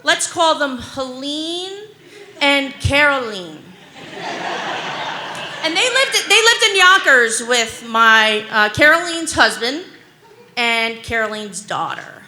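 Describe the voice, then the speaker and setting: Her voice sits high and she takes it slowly, with a bit of hiss or hum audible. She's a stand-up comedian in her forties, telling rambling, animated, self-deprecating stories full of "like" and "um," with an anxious streak to the humor.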